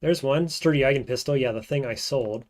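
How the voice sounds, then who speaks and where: A man streams a roguelike, talking through his moves in loose, casual commentary that often fades into quiet muttering. His voice sits at a medium pitch and runs a little fast.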